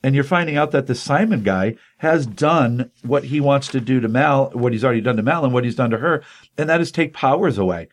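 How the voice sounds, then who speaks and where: A man's voice: medium pitch, a little fast. A man casually retelling a comic book issue on a podcast, rambling with many ums and restarts, acting out the dialogue.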